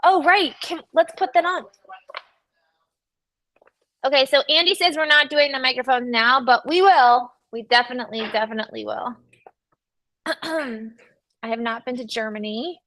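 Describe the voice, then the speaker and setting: A woman's voice: sits high, normal speed, pauses often, fairly bright tone. A woman hosting a casual livestream from a studio, chatting and teasing with viewers and crew, often laughing. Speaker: livestream host. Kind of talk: casual chat with live viewers.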